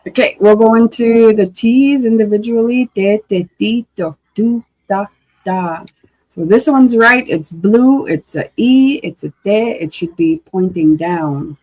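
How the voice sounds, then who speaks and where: A woman teaching a language lesson, slowly sounding out syllables and words in casual drills. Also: mid-range voice, a little mellow, rough recording. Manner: slow, drawn-out syllable drills.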